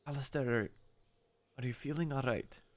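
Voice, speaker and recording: Man doing a gentle, worried village priest. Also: medium pitch, fairly even intonation, moderate pace, a little hiss or hum, close to an everyday voice. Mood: concerned. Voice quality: accent slipping toward Russian. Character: middle-aged male village priest, kindly, concerned.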